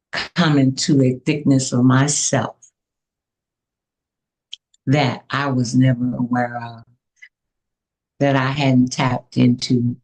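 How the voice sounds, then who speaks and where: A woman giving a heartfelt spoken tribute as a spiritual mentor, affectionate and unhurried. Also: very deep voice, rough recording. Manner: slow, warm and affectionate, with soft laughs.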